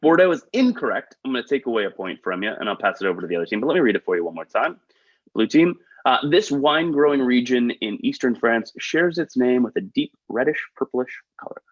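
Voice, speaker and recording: A man's voice: medium pitch, sing-song, no room sound. Upbeat man hosting an online trivia quiz. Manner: upbeat, quick asides, chuckles at own jokes. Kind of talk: reading trivia questions, joking asides. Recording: dull, lo-fi video call audio.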